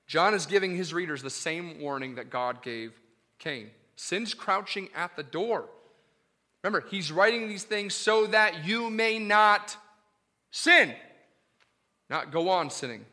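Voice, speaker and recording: A male pastor preaching a sermon in an animated, emphatic, conversational way. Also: high voice, unhurried.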